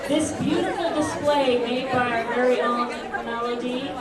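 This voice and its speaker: A woman's voice: sits high, fairly even intonation. Woman calling an auction in a noisy hall. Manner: brisk, calls out bids and prices. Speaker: auctioneer at a fundraising gala. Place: large hall at an evening gala. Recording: roomy hall, distant, loud crowd.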